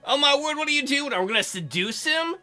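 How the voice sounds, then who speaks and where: A man's voice: extremely high pitch, animated, fast talker, pushed and bright, faint music behind. A man hosting a let's play, making joking, crude asides while reading through a visual novel game. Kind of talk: game commentary.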